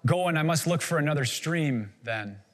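Timid, pleading young girl, anxious and halting, read by a man; echoing hall. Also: a little high, animated, a bit bright. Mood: frightened.

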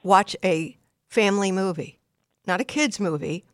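A woman's voice: medium pitch, unhurried, no room sound, studio quality. An older woman hosting a call-in advice show, giving blunt, direct instructions in numbered steps. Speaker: radio advice host.

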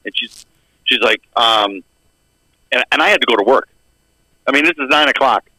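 Telling a long, rambling story on a podcast he co-hosts, a middle-aged man speaks at medium pitch and a moderate pace with a sharp tone, acting out the dialogue of the characters. The audio is poor and has no room sound.

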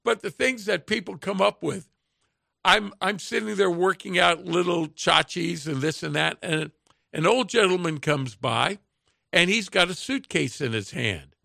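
A raised, gravelly male voice with a bright, forceful edge tells folksy stories on a radio show, chuckling as he goes. The sound is dry and close, with no room around it. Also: high-pitched, a little slow, no echo. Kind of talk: casual storytelling chat.

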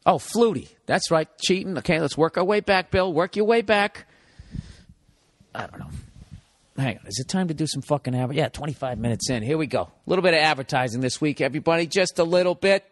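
Profane rambling man, fairly high voice. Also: dry recording, clean studio sound. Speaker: podcast host. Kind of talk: casual comedic monologue.

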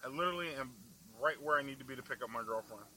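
A man's voice: medium pitch, racing, bright, forceful tone, slight background noise, poor audio. A young man driving through the city, ranting angrily and profanely, laughing at himself now and then. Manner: angry, foul-mouthed, laughing at himself. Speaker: vlog host. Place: in a car in the city.

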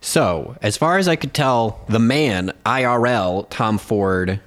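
A man's voice: lowish voice, slow pace, fairly bright tone. A man on a casual film podcast, explaining looked-up facts with a joking tone. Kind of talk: casual chat.

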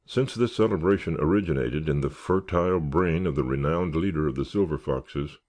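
A man's voice: extremely low pitch, moderate pace, darkish tone. A man reading the part of a genial male scoutmaster giving an earnest, rallying speech in an audiobook. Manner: earnest, oratorical, rallying cheers.

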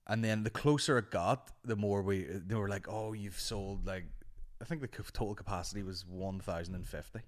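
Sweary Northern Irish podcast host, lowish voice. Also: male voice, fairly quick, hardly any pauses. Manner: sweary, rambling, animated anecdotes. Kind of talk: casual storytelling chat.

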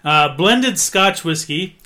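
A man co-hosting a podcast, loud and chatty while bantering over drinks. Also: on the high side, lively intonation, takes it slowly. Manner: loud, self-described loudmouth. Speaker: podcast co-host.

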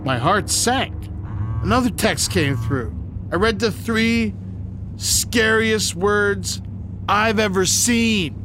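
A man narrating a comic tale in a grave, mock-heroic deadpan, his voice sitting high for a man. He breaks into sudden shouted lines. Clear music plays under him the whole time. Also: takes it slowly. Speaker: guest preacher telling a comic story. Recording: music bed behind the voice.

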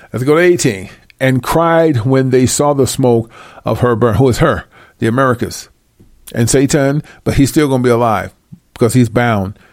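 A man with a mid-range, somewhat dark voice reads Bible verses aloud and then explains them, preaching over them in a blunt, confrontational, mocking way. He comes across as a self-styled Bible teacher giving fiery commentary on scripture. The recording is clean studio sound with no echo.

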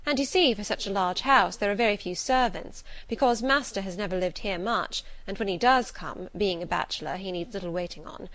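A cool, demure servant woman of middle years, as a woman reader puts her on, answering questions with steady composure. Her measured speech gives nothing away, delivered at a mid-range pitch. She sounds like a character in a storybook reading. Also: close to an everyday voice. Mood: composed.

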